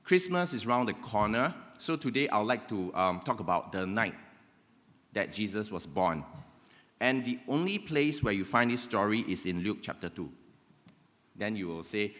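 In a church hall with long reverb, a pastor delivers a conversational sermon, often asking "right?" His voice is fairly low, expressive, a bit bright, at normal speed.

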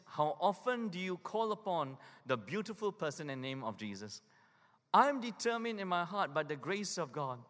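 A male pastor preaching a sermon with emphatic urgency, dropping to hushed lows for weight. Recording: long hall reverb.

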